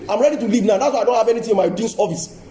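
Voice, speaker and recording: A man's voice: high-pitched, very fast, dark tone, a little hiss or hum. An older man with a Nigerian English accent giving an emphatic seminar talk, repeating key phrases and coaxing the audience. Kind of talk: lively seminar lecture to colleagues. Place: university lecture hall. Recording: echoey hall from a distance, faint ambience.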